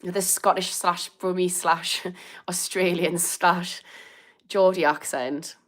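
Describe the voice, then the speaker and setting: This is a woman in her thirties with a Birmingham accent, hosting a casual livestream. She talks close to the mic and reads comments aloud, laughing often and pushing back with amused indignation. Her voice sits fairly low for a woman. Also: steady tone, slow, fairly bright tone. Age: 30s. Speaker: recovery coach hosting a livestream.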